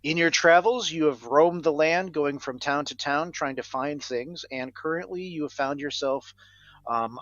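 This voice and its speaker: A man's voice: medium pitch, fairly bright tone, dry recording, lo-fi sound. A man narrating as game master for a tabletop game, setting scenes in an easygoing way with many fillers.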